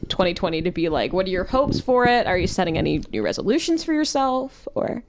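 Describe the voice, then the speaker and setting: A woman's voice: on the low side, very animated, fairly quick, noisy background. A young woman hosting a podcast, talking in a rambling, reflective way with lots of fillers. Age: young adult. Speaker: podcast host. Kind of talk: casual chat.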